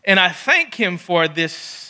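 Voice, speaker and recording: Guy preaching, kinda high voice, super bright, keeps repeating lines for emphasis. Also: sing-song, slow pace. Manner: emphatic, repeats phrases for stress. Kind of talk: sermon.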